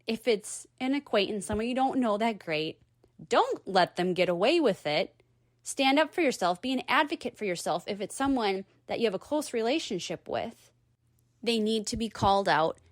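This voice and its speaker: A woman's voice: mid-range voice, dry recording, studio quality. A woman in her thirties telling a personal story and giving earnest, encouraging advice. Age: 30s.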